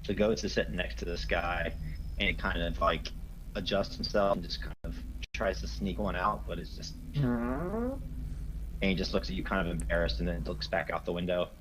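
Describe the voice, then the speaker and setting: Low-voiced man running a tabletop game. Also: level tone, a little fast, noisy background. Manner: rambling, with many fillers. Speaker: game master.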